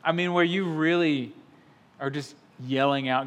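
A male pastor preaching to his congregation in a church, his voice sitting a little high for a man. He presses hard on key lines and then drops almost to a hush. The delivery is earnest and direct. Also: normal speed. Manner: emphatic, swings from loud to hushed. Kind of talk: sermon. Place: church sanctuary.

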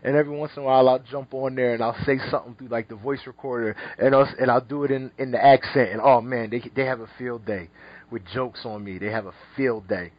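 A laid-back man chatting on a podcast, his voice slightly husky and unhurried, with a loose, rambling delivery. The audio is a bit dull and lo-fi. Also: mid-range voice, steady tone, dry recording. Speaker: podcast co-host. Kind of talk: casual chat, album review.

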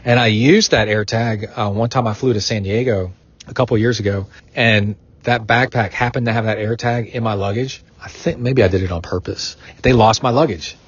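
Rambling middle-aged man, husky and low. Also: muffled recording. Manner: rambling, going off on tangents. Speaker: podcast host. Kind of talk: casual podcast chat.

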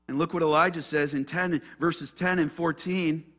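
Bright-voiced earnest male preacher. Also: on the high side, moderate pace. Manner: earnest, swings from hushed prayer to loud emphasis. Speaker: pastor. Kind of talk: sermon.

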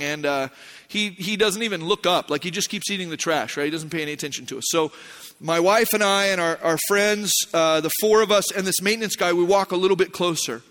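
A middle-aged male pastor from Arizona, preaching a sermon with a personal story, animated and swinging from shouts to hushed lines. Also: high voice, a little fast.

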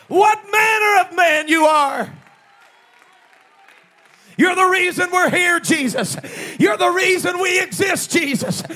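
A man preaches a sermon, shouting each line with fervor. His voice is strikingly high and bright, and he draws his refrains out slowly. A congregation murmurs faintly behind him in the church. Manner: emphatic, shouted preaching with slow drawn-out refrains. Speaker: pastor.

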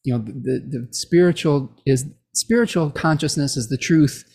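A woman's voice: deep voice, normal speed, darkish tone. A middle-aged woman rambles through a casual astrology chat. She is chatty and laughs often between her thoughts. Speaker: podcast co-host.

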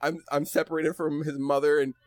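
A man's voice: a little high, flat delivery, a little fast, a little mellow, no room sound, close to an everyday voice. A man voicing a remorseful father from a video game, pleading and apologetic while he retells a scene to a friend. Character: remorseful middle-aged father, sappy and apologetic.

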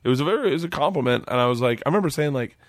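A man in his forties, a comedian telling long, animated stories in a casual chat, swearing freely. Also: mid-range voice, rapid-fire, no room sound, studio quality. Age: 40s. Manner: animated, profane storyteller. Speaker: comedian guest.

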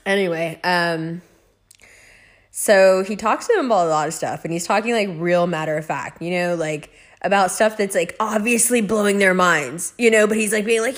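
Rambling, profane young woman storyteller. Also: medium pitch. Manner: rambling, profane, quick to laugh. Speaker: podcast host. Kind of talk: casual storytelling monologue.

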